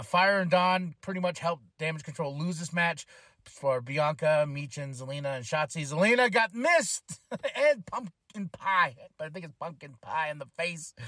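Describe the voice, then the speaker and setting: Chatty podcast man recapping, lively delivery. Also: on the high side, moderate pace, no room sound, clean studio sound. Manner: excitable, chatty, acts out quotes. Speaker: podcast host. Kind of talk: casual solo wrestling recap.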